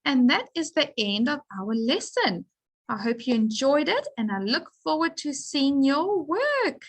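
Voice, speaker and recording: Woman teacher, phonics lesson, slow and deliberate, sounds out letters, fairly high voice. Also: big pitch swings, low-quality recording. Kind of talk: slow, clear phonics lesson for young children.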